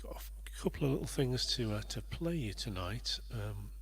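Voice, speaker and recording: A man's voice: mid-range voice, lively intonation, normal speed, fairly bright tone, slightly rough. A man hosting a livestream, chatting casually and rambling a little as he greets viewers by name. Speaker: livestream host and performer.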